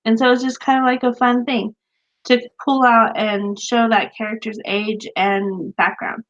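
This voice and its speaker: A chatty, animated woman in her thirties or forties, talking as a co-host with a slightly higher voice. She leans on fillers and laughs a lot. The recording sounds dull and lo-fi. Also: measured pace. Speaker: podcast co-host, author. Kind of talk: casual chat.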